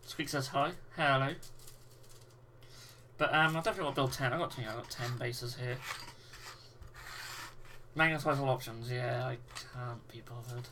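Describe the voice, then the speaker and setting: A man's voice: mid-range voice, moderate pace, pauses often, slight background noise. A British man casually hosting a live stream, chatting and reading out viewer messages while he builds miniatures, chewing on a sweet. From United Kingdom. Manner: relaxed, reads out chat messages while building. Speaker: livestream host.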